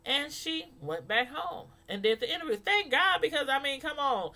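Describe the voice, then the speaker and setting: A woman speaking African American Vernacular English, chatting casually to camera as a reviewer, animated and laughing often as she acts out voices. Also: high voice, normal speed. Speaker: YouTube reality-show reviewer.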